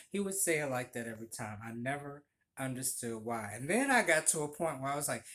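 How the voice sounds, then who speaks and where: Gossipy vlogger spilling a work story, bright voice, laughs a lot. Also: medium pitch, big pitch swings, a little fast. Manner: chatty, gossipy, laughs a lot, swears casually. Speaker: former barista telling a story. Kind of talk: casual storytelling vlog.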